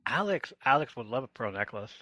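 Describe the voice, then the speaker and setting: A jokey friend on a podcast banters and swears. The pitch swings widely as they talk. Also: big pitch swings, fairly quick, bright, forceful tone. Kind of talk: casual chat.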